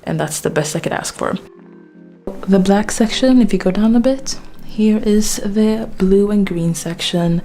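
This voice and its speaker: A woman's voice: medium pitch, normal speed, dark tone, faint music behind. A woman from Sweden giving a casual bookshelf tour, chatty and self-deprecating with plenty of fillers, a little out of breath. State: slightly out of breath. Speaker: book vlogger.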